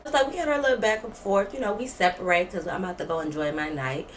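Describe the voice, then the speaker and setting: A woman vlogger telling a story, animated, blunt and full of profanity. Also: medium pitch, quick pace, a little hiss or hum. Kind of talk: storytime vlog.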